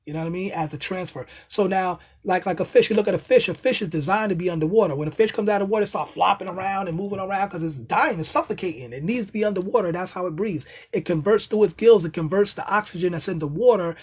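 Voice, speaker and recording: High-voiced, excitable man lecturing casually. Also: quick pace, hardly any pauses, slightly rough. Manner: emphatic, excitable, breaks into loud exclamations and cursing; loose, streetwise phrasing with many asides. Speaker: self-styled spiritual teacher. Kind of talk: casual spiritual lecture monologue.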